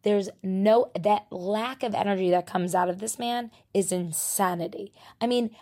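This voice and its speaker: A young woman in her twenties from New Jersey, hosting a casual solo podcast. She rants about her week in profane, animated bursts with laughter, while sick. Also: medium pitch, measured pace. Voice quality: profane, animated ranting with laughs and loud outbursts. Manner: drops to near-whisper while partner is downstairs. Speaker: podcast host.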